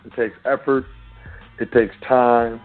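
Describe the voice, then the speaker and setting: A man hosts an internet call-in show, talking in loose, street-casual speech as he preaches straight at his listeners. His voice sits at an ordinary middle pitch. It comes through a thin, phone-like line with faint music underneath. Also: flat delivery, slow pace. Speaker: radio show host.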